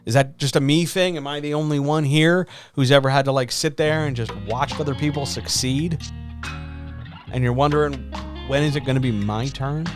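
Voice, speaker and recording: A man's voice: fairly high pitch, steady tone, normal speed. A man in his forties hosting a live stream, chatting in a conversational, self-deprecating way with lots of rhetorical questions. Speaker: streamer host. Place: small home studio. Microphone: studio microphone. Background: background music.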